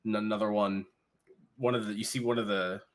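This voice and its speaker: A man narrating a tabletop game as dungeon master, relaxed and filler-heavy. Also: on the low side, brisk. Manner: relaxed, hesitant, lots of fillers.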